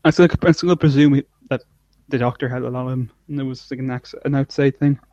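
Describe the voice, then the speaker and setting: A man's voice: mid-range voice, steady tone, quick pace, warm tone, dry recording, lo-fi sound. A man co-hosting a casual chat, rambling and often trailing off mid-thought. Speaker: podcast co-host. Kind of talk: casual chat reviewing an episode.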